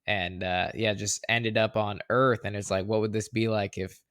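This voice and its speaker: A man's voice: on the low side, fairly even intonation, moderate pace, fairly bright tone, clean tone, no room sound, clean studio sound. A man co-hosting a podcast in a laid-back, joking way, chatting casually about films. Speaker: podcast co-host. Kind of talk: casual chat.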